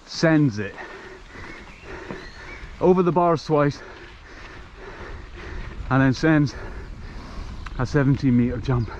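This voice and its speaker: A man's voice: medium pitch, slow pace, pauses often, a little mellow. A middle-aged man vlogging casually as he rides a mountain bike trail outdoors, chatty and self-mocking. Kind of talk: casual talk while riding. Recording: dull lo-fi sound, faint outdoor noise.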